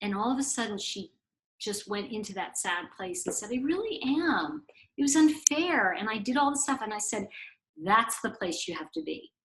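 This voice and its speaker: Animated woman teaching spiritual lessons. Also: on the high side, moderate pace, a little hiss or hum, poor audio. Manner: conversational, acts out dialogue with emphatic swings. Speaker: spiritual teacher and oracle card author. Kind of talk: casual teaching talk.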